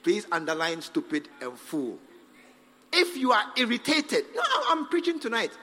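A high-voiced man preaches with a wide, lively swing of pitch. He drives his points home emphatically, calls for responses and acts out little dialogues. His voice carries a long hall reverb. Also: moderate pace. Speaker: pastor. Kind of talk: sermon.

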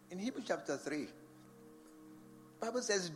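A man's voice: on the high side, sing-song, a little slow, long pauses, fairly bright tone. A man preaching a sermon in a large church, firing rhetorical questions at the congregation. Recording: long church reverb with faint music behind.

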